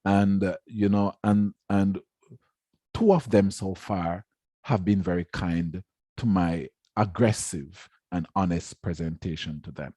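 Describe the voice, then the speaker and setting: A man's voice: sits low, fairly even intonation, measured pace, dark tone, no echo, studio quality. A man giving a formal lecture on education, speaking emphatically and repeating words to stress his points. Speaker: education researcher giving a talk.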